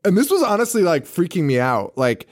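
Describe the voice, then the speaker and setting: Lively, swearing male podcast co-host. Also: sits high, brisk. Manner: animated, profane, laughing retellings with acted-out quotes. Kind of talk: casual chat.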